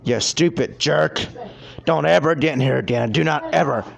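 A man rants on his podcast in a furious, threatening tirade. His voice is gravelly and sits a little high for a man, rough at the edges as he spits insults. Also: normal speed. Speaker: podcast host. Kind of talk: angry ranting podcast.

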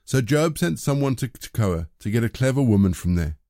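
A man reading scripture as scripted narration, measured and even. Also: medium pitch, no room sound, studio quality. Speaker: scripture reader.

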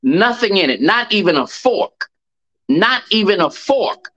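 A middle-aged man with a drawl tells a personal story as a podcast guest. His voice sits a bit high and rings bright and forceful. He leans on key phrases and repeats them for weight. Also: sing-song, unhurried, dull audio.

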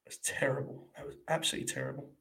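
A man's voice: very fast, pushed and bright. A young man hosting a live stream, giving blunt, sarcastic, casual commentary and swearing freely.

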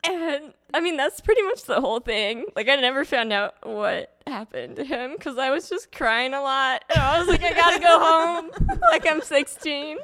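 A woman's voice: sits high, big pitch swings, normal speed, few pauses, a bit bright. A young adult woman in casual chat, telling a story and laughing often.

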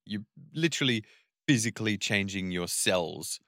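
Low, forceful Australian man swearing freely. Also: moderate pace, no room sound, studio quality. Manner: animated, swears a lot. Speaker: podcast co-host. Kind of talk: casual chat.

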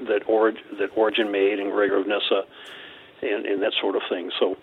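A man's voice: fairly low pitch, level tone, brisk, slightly rough. A man, a Reformed scholar, answering briefly and hesitantly as a guest on a radio show. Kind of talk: radio discussion. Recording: dull lo-fi line.

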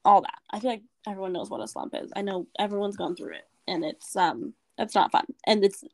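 A woman's voice: mid-range voice, animated, brisk, vocal fry, darkish tone. A young woman co-hosting a podcast, chatting casually with a giggly, playful, rambling manner. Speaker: podcast co-host.

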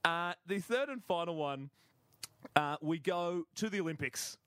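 A man's voice: fairly high pitch, expressive, a little slow, pushed and bright, clean tone, no echo. A man co-hosting a casual comedy podcast, recapping odd news with frequent chuckles and fillers like "uh" and "so". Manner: chuckling, storytelling with many fillers. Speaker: podcast co-host.

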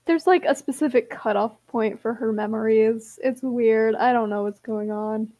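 A woman's voice: a little high, measured pace, dry recording, highs cut off. A young woman co-hosting a podcast. She reads her old fan story aloud with commentary, giggles often, and jumps her voice up for the quoted characters. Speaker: podcast co-host.

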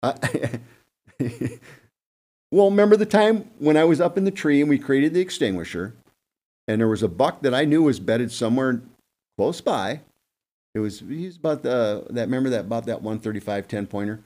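A guest hunting expert tells stories casually on a podcast panel, his pitch lively and his manner animated. In quick asides he acts out the deer and his buddies.

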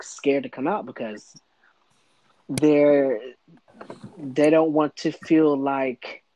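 A man's voice: medium pitch, darkish tone, no room sound, poor audio. Hesitant young man, dry close sound. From United States. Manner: hesitant, stumbling over his words. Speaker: podcast guest. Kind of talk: casual interview conversation.

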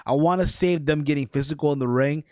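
A man's voice: fairly high pitch, quick pace, dark tone, no room sound, clean studio sound. A man co-hosting a wrestling podcast, talking loosely and rambling, with lots of swearing and "bro". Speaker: podcast co-host. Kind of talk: casual wrestling chat.

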